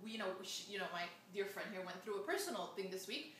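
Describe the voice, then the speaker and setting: A woman hosts a casual spiritual interview at a quick pace, encouraging her guest and echoing her own phrases. Her voice is caught from a distance in a very echoey room. A faint hiss sits under it. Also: mid-range voice, animated. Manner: warm encouraging, repeats words, trails off. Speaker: host.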